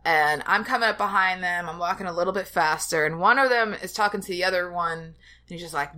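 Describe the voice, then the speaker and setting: A woman's voice: medium pitch, moderate pace. A young woman co-hosting a podcast, telling funny stories in casual chat and laughing often. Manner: laughing storyteller, animated. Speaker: podcast co-host.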